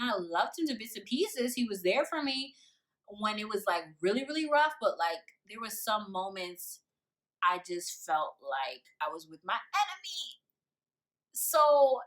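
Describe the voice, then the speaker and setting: A young woman telling a casual storytime, animated and slangy, acting out what people said. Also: on the high side. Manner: animated, slangy, acts out quotes.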